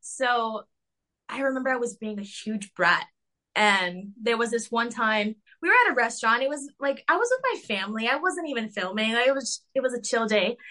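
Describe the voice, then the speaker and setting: Bright chatty young woman on a call. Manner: chatty, filler-heavy with lots of "like" and "um"; acts out quotes in a high mocking voice. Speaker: interview guest. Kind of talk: casual interview chat.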